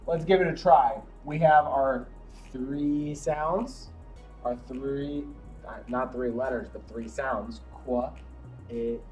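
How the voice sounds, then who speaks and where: A man teaching young children to read, encouraging them as he sounds out letters slowly and deliberately. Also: medium pitch, a little mellow, soft background music. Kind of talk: classroom lesson for young children.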